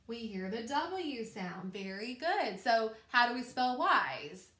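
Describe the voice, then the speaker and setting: A woman teaching a recorded phonics lesson to young children, slow and encouraging, stretching out each sound. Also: a little high, sing-song, sharp tone, echoey room.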